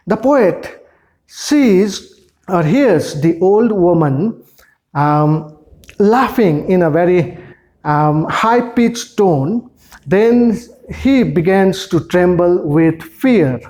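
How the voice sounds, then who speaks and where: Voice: medium pitch, lively intonation, a little mellow. A teacher explaining a poem line by line, repeating and restarting often. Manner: slow, repetitive explaining with restarts. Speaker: English teacher.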